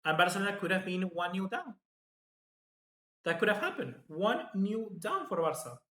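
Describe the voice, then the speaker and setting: A fairly high-voiced man talks through a football match live, chatty and easily excited, bursting out at near misses. He reads out viewer comments between plays. His voice rings in an echoey room. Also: moderate pace. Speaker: football fan channel host.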